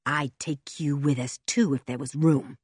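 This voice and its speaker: A woman's voice: sits low, animated, measured pace, a little mellow, slightly rough, dry recording, clean studio sound, voice pushed down, full character voice. A woman voicing a cruel, mad, red-bearded male villain who snarls orders in an audiobook. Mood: snarling. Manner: snarling, commanding.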